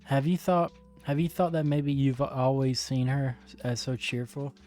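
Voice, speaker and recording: A man reading as a gentle teen club president. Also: medium pitch, measured pace, soft background music, natural voice. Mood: coaxing.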